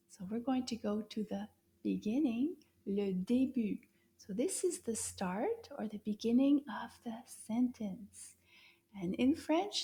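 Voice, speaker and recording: A woman teaching a children's French lesson, speaking slowly and encouragingly, repeating words for young learners to echo, with soft whispered asides. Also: on the high side.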